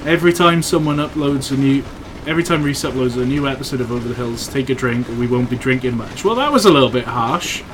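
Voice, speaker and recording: A young Welsh man talks through a live stream in a loose, joking way, ribbing his chat between remarks on the game. His voice sits at an ordinary middle pitch, with a faint hiss behind it from his home desk mic. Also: fast. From Wales. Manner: chatty and teasing, answers chat messages. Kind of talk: casual live-stream commentary. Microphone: desk microphone.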